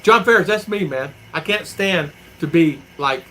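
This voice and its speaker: A man's voice: fairly high pitch, animated, normal speed, sharp tone, slight background noise, low-quality recording. A middle-aged man from the United States chatting casually on a livestream, rambling and repeating himself as he tells folksy stories and answers viewer comments at home. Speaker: vlogger reading viewer comments.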